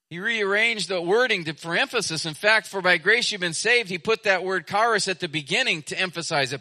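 A man preaching a sermon as pastor, emphatic, repeating his phrases and swinging between loud stretches and soft, hushed ones. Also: sits high, expressive, a little fast.

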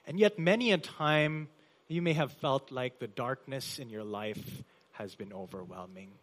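A man pastor preaching a sermon in a church, with emphatic delivery that swells loud on key phrases and drops soft. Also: mid-range voice. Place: church hall.

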